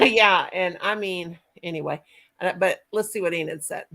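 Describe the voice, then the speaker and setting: A woman's voice: fairly low pitch, unhurried, creaky, pushed and bright. A woman hosting a casual livestream chat, folksy and talkative, laughing often and reading out viewer comments. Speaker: livestream host.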